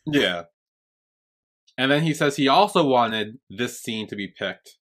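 Male podcast co-host, mid-pitched, casual and rambling, filler-heavy recap chat. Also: animated, measured pace, a bit bright.

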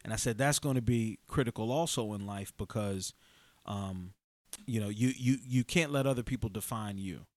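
A man's voice: on the low side, moderate pace, no echo. A man in his late thirties, a podcast co-host and comedian, telling stories in casual chat and acting out the characters in them. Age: late 30s. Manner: animated storyteller who acts out characters.

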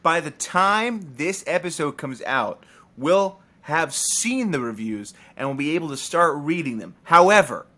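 Brief: playful male co-host, bright and animated. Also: fairly high pitch. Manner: playful, quick to riff and joke. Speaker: podcast co-host. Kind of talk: casual podcast chat.

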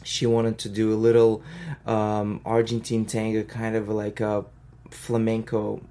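A woman's voice: extremely low pitch, completely flat delivery, measured pace, warm tone. Chatty woman with a Russian accent. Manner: chatty, many fillers, bursts of speed. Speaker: professional dancer and choreographer. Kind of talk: casual interview talk.

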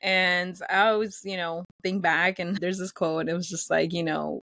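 Animated chatty woman, dry sound. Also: fairly low pitch, moderate pace, gravelly, few pauses, no room sound. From United States, first-generation Salvadorian. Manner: animated, chatty, many fillers, acts out quotes. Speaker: guest. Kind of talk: casual interview chat.

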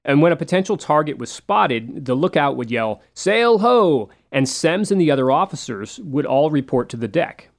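A man hosting a history show, telling the story in a relaxed, conversational way with frequent fillers and asides. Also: mid-range voice, moderate pace, gravelly, few pauses.

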